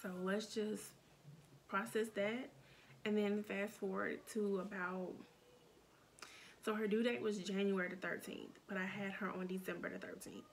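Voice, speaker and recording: A young woman telling a painful personal story in a halting, emotional way, with many restarts and fillers. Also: medium pitch, little pitch movement, gravelly, slight background noise. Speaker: storytime vlogger.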